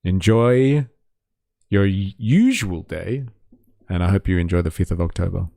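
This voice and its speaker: A man's voice: low-pitched, animated, unhurried, vocal fry, mellow, dry recording, clean studio sound. A man hosting a livestream, reading out viewer comments in a casual, swearing, mock-outraged way. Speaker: livestream host.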